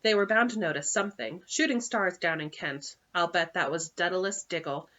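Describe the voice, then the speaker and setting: A woman's voice: on the low side, sharp tone, lo-fi sound. Professor McGonagall, a stern, clipped witch, read by a woman. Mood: irritable. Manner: brisk, irritable, clipped.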